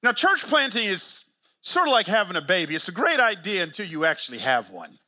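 A man's voice: big pitch swings, brisk. A man preaching a sermon to church planters, emphatic and full of rhetorical questions. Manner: emphatic, rhetorical questions, big swings in pitch and loudness.

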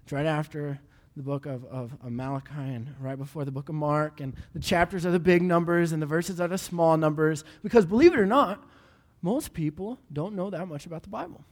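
A man preaching a sermon, animated and asking the room repeated questions, often stumbling over restarts. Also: fairly high pitch, fairly quick. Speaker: pastor. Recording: hall reverb.

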